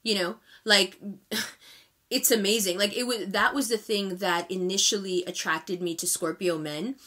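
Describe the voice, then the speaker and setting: A woman with a New York accent giving a casual astrology forecast, talking fast in a chatty, emphatic way. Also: mid-range voice, steady tone, pushed and bright.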